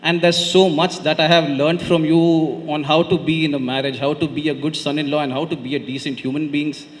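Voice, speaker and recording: A man's voice: a little high, flat delivery, a little fast, slight background noise. A young man with a Konkani Indian English accent giving a heartfelt wedding reply speech at a podium, often adding "right?". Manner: heartfelt, tag questions "right?". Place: large banquet hall. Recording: long reverb of a large hall.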